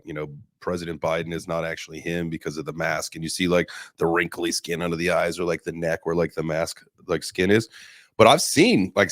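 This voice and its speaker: A man's voice: low voice, fairly bright tone, dry recording, clean studio sound. A young man hosting a casual crypto podcast chat, talking loosely with some cursing. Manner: loose, profane banter. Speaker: crypto show host.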